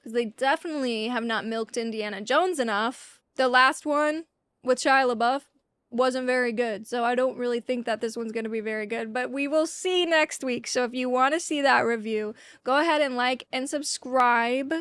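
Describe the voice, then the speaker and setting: A woman's voice: a little high, normal speed, a bit bright, clean tone, no room sound, clean studio sound. Chatty young woman with a Southern lilt. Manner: chatty, lots of "like" fillers. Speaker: YouTube reviewer. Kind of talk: casual chat to camera. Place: at home in Texas.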